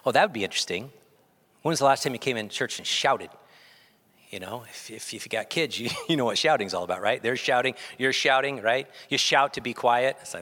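A male pastor delivering a lively sermon in a church sanctuary, joking with the crowd and getting them to repeat words back. His voice sits at an ordinary middle pitch. A long hall reverb trails behind every line. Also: a little fast. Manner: animated, joking, leads call-and-response with the congregation.

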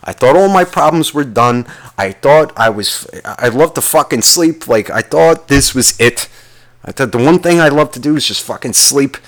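A man's voice: medium pitch, expressive, moderate pace, voice pushed up, lightly acted. A man voicing a grumpy dead man who has been woken up in his coffin, grumbling and swearing in exasperation. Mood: exasperated.

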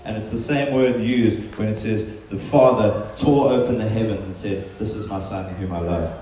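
A man's voice: on the low side, moderate pace, mellow. A man preaching a sermon, earnest and emphatic, often voicing quotations in a stronger tone. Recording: very echoey room.

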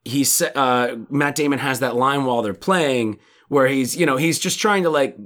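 A man's voice: medium pitch, normal speed, a bit bright. A man co-hosting a podcast in casual chat, enthusiastic and often slipping into quoted movie lines. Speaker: podcast co-host.

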